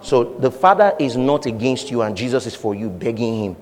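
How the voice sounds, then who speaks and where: A man preaching a sermon with animated delivery, acting out voices and laughing often. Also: mid-range voice, fairly quick, long reverb tail, a crowd in the background. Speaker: pastor.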